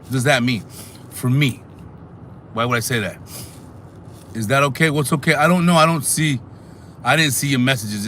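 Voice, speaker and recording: A man hosts a casual live stream and talks back to his viewers' messages in an animated way. His voice is bright and forceful at a middle pitch. Faint noise sits in the background. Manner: animated, talks back to chat, sings snatches.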